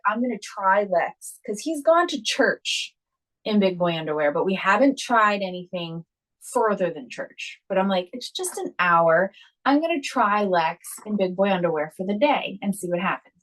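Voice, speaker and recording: A woman in the middle of her voice co-hosts a podcast in a relaxed, chatty way. She tells family stories with energy and acts out the quotes as she goes. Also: medium pitch, rough recording. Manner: animated storytelling, acts out quotes. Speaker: podcast co-host. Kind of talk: casual chat.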